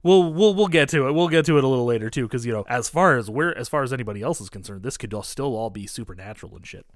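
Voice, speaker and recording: A man co-hosting a podcast, retelling a horror movie in casual, profane chat and dropping into quick impressions. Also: medium pitch, lively intonation, dry recording, studio quality. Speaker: podcast co-host.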